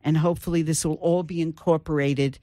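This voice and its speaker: A woman's voice: sits low, steady tone, warm tone, dry recording. Older woman, author guest, storytelling, dry close sound. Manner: storytelling, thoughtful with pauses. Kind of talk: interview conversation.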